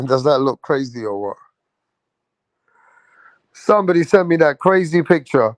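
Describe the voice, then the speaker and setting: A man's voice: fairly high pitch, expressive, unhurried, no echo. A man hosting a boxing show, chatting casually and slangily straight to his viewers. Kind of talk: casual livestream chat.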